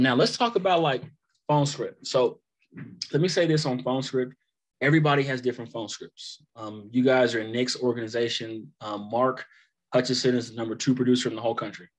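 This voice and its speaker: A man in his thirties teaching phone sales, coaching with repeated emphasis and demonstrating lines. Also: medium pitch. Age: 30s. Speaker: sales trainer. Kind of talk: live phone sales training.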